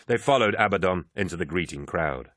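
Male audiobook narrator, very low and expressive, dry booth sound. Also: no room sound. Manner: steady, measured storytelling. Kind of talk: scripted narration.

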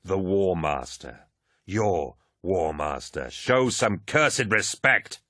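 A man's voice: on the low side, sing-song, moderate pace, a bit bright, breathy edge, no echo, studio quality, full character voice. A man voicing an insolent, mocking warrior captain who barks orders. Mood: scornful.

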